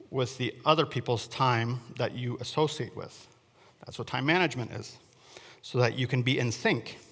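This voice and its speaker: A man's voice: mid-range voice, fairly bright tone. Chatty male preacher in a reverberant church. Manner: chatty, asks the congregation questions, self-deprecating asides. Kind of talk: conversational sermon. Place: church sanctuary.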